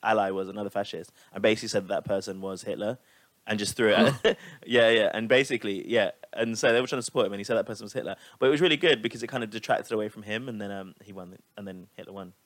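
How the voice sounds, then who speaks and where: A man in casual chat, animated and teasing, swearing freely as he reacts to his friend. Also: on the low side, quick pace, no echo.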